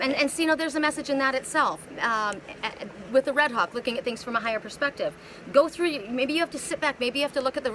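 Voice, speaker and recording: A woman's voice: a little high, bright, forceful tone, a little hiss or hum, poor audio. Rambling woman giving a card reading. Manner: rambling, repeats words, many rhetorical questions. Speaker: oracle card reader. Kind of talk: live spiritual card reading. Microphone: phone.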